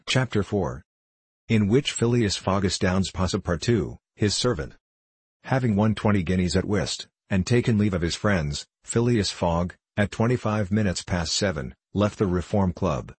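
A man narrating a classic novel in a steady, measured reading. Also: low-pitched, slightly rough, no room sound. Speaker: audiobook narrator. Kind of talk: scripted narration.

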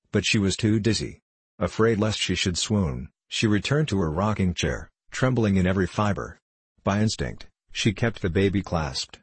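A man narrates a novel in a measured, even storytelling voice. His pitch sits very low with a husky, breathy grain. The recording is close and dry with no room sound. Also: dry recording. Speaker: audiobook narrator. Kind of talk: scripted narration.

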